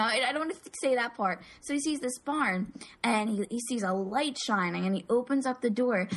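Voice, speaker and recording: Woman, casual podcast co-host, rambling, filler-heavy, everyday mid pitch. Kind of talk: casual chat.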